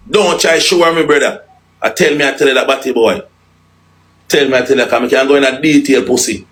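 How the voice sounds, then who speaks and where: A man's voice: mid-range voice, fast talker, fairly bright tone. A man with a Jamaican accent in a heated, profane, taunting live-stream rant that repeats its jabs.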